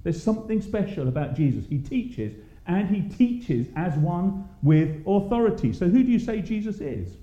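Man leading Bible study, animated delivery, dark tone, echoey muffled hall. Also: sits high, moderate pace, hardly any pauses. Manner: asks the group questions, many fillers. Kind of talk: interactive church Bible study. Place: church hall.

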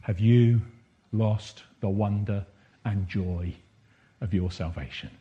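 A man's voice: lowish voice, takes it slowly, warm tone, husky, lo-fi sound. A man preaching a sermon, reflective and questioning, rising at times into impassioned bursts.

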